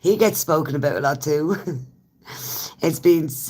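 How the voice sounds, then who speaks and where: A woman's voice: low voice, unhurried, warm tone, breathy edge. An Irish woman and smoker chatting casually with viewers on a live stream, laughing often as she talks. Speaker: livestreamer.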